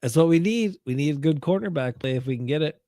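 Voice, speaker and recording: A man's voice: a little high, lively intonation, quick pace, mellow, dry recording, clean studio sound. A man co-hosting a casual sports chat, exasperated and swearing at the plays. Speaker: podcast co-host.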